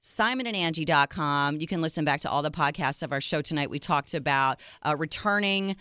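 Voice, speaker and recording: A woman's voice: deep voice, fairly quick, a bit bright, clean tone, dry recording. Woman, radio co-host, direct, reassuring, dry close studio sound. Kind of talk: relationship advice radio show.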